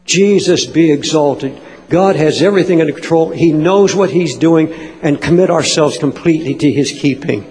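A male pastor leads an altar call and prayer with earnest, fervent urgency, his voice sitting a little high for a man. He is recorded in a church sanctuary, and a long hall reverb trails after his words. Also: fairly quick, few pauses. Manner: earnest, fervent, rising to loud praise.

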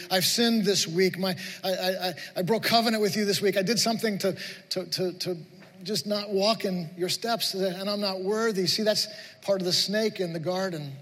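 A middle-aged man preaches in a fairly high voice, earnest and repetitive, piling up emphatic questions. His sermon rings out with long reverb through a church hall. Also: fairly bright tone. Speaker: pastor. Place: church sanctuary.

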